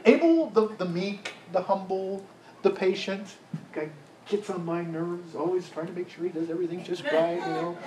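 A man's voice: sits high, normal speed, darkish tone, close to an everyday voice. A man voicing a resentful, jealous biblical man in a whiny, indignant rant. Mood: jealous sulking. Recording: roomy echo, faint background hiss.

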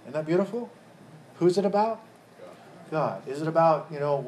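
A pastor addresses his live congregation in an animated, slightly mellow voice on the high side, moving at a moderate pace. He quizzes the room and repeats words while restarting phrases. The audio is poor, with a little hiss or hum.

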